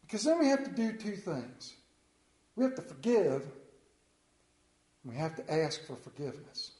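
A man's voice: high voice, sing-song, moderate pace, dark tone, echoey room, rough recording. A middle-aged male pastor preaching a sermon, telling stories with self-mocking humor.

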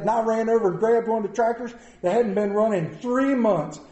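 A man with a notably high voice preaches in a folksy, conversational way, pressing rhetorical questions on his congregation. His voice rings around a roomy church. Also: brisk, dark tone. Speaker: pastor. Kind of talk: sermon.

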